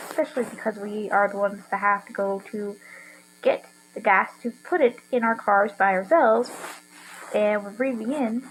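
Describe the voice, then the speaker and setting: A woman's voice: a little high, rough recording. A young woman with an earnest, rambling way of talking, hosting a casual solo monologue. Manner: rambling, earnest, enthusiastic ranting. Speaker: podcast host.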